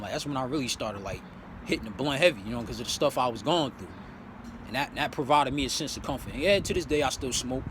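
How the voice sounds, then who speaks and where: A young man in casual storytelling, animated and swearing freely, with many fillers. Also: medium pitch, background noise. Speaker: vlogger.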